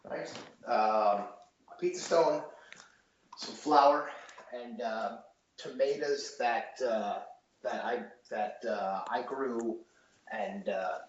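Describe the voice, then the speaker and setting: A man's voice: mid-range voice, takes it slowly. A man in his thirties, a chef, chatting on a podcast in a rambling way with lots of fillers and restarts. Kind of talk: casual podcast interview. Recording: dull, roomy, faint noise.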